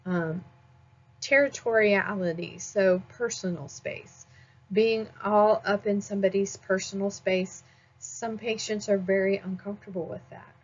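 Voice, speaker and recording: A woman teaching a nursing class in a conversational lecture style, often pausing with "um" and checking in with "all right?". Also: mid-range voice, steady tone, dull audio. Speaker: nursing instructor. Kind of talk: recorded lecture.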